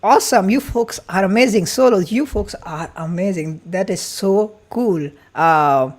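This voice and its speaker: A man hosting a live-streamed event welcome. He talks quickly and excitedly, greets viewers from the chat, and chats freely. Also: high voice. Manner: excited, fast-talking, chatty. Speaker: livestream host.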